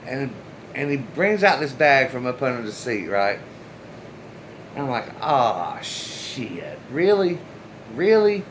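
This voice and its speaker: A man's voice: mid-range voice, expressive, normal speed, long pauses, a bit bright, slight background noise, low-quality recording. A man casually telling a personal story straight to his viewers, loose and chatty, with the odd swear word. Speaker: storyteller, channel host.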